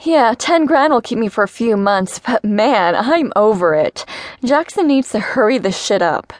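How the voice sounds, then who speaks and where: A loud, fed-up young woman swears her way through every complaint, voiced by a woman reading the story aloud. She sounds high and clear, close to the microphone in a dry, dead room. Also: sing-song, unhurried, dry recording. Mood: annoyed, fed up. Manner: loud and blunt, swears freely. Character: annoyed, brash young woman ready to quit.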